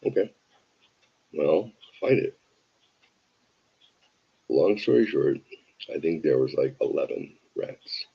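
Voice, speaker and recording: A man's voice: rumbling low, lively intonation, slow, gravelly, pauses often, breathy edge, muffled recording. A tired man hosting a show, telling a rambling, wry, self-deprecating anecdote full of digressions. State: tired from an early start. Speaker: show host. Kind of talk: casual anecdote storytelling.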